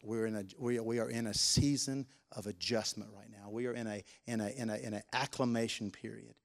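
Delivering a sermon, this pastor speaks with a gravelly voice and fairly even intonation overall. Still, he stretches important words slowly and gets loud on emphasis, before dropping soft and low whenever he prays or makes an aside.

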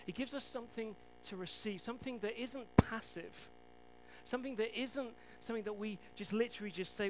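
A male preacher retells scripture scenes in a lively storytelling manner, breaking off for joking asides about himself. His voice is high for a man. A faint hum runs under the recording. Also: fairly quick. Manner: storytelling, animated, self-deprecating asides. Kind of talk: sermon.

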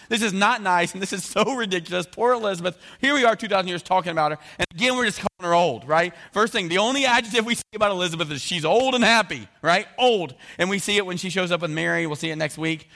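Animated joking male preacher. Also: sits high, fast, vocal fry, hardly any pauses. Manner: animated, jokey, acts out voices of biblical figures. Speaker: pastor. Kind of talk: sermon.

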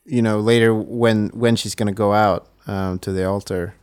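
A man's voice: lowish voice, steady tone, moderate pace, darkish tone, clear, resonant tone, no echo, studio quality. A man co-hosting a casual movie review podcast, laid-back and agreeable in his replies. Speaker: podcast co-host.

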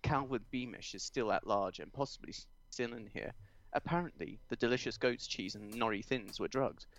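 A man voicing a stiff, formal male police captain, in a slow, deadpan comic fan-fiction reading. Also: medium pitch, lo-fi sound, lightly acted.

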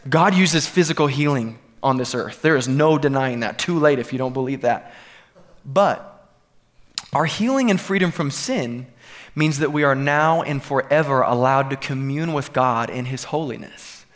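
A man's voice: mid-range voice, normal speed. A man preaching a sermon to a congregation, earnest and building to emphatic peaks. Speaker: pastor. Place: church sanctuary.

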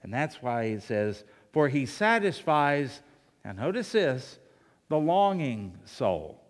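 A male pastor preaching a sermon, firing off rhetorical questions and swinging between soft asides and loud emphasis. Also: mid-range voice, very animated, slow, in a large hall.

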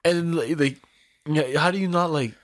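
A man's voice: a little high, normal speed, no echo. A young man in casual podcast chat, slangy and joking, laughing often as he tells stories.

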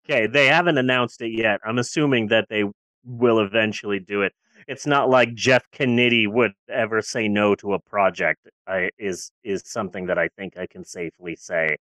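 A podcast co-host in casual movie-review chat who is sarcastic and profane, swinging from loud outbursts to low grumbles. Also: steady tone, normal speed, no room sound.

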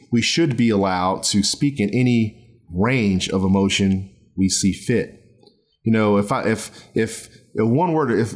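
A man hosting a casual solo podcast from his bedroom, talking in a loose, rambling way with many fillers and restarts. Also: lowish voice. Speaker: podcast host. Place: bedroom at home.

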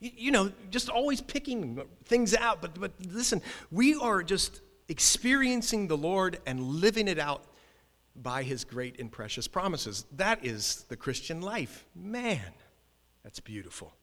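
Animated male pastor, emphatic storytelling sermon, bright and forceful tone, reverberant church hall. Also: high voice. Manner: animated, emphatic, quick restarts.

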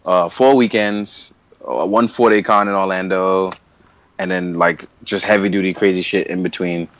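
A man's voice: deep voice, fairly even intonation, normal speed, dull audio. A young man co-hosting a casual podcast chat, loose and slangy, laughing often. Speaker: podcast co-host.

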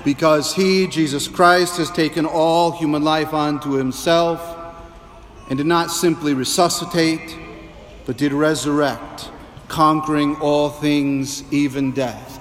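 A priest giving an Easter homily in a measured preaching voice with humorous asides. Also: male voice, on the high side, fairly even intonation, fairly bright tone, long reverb tail, soft background music. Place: church.

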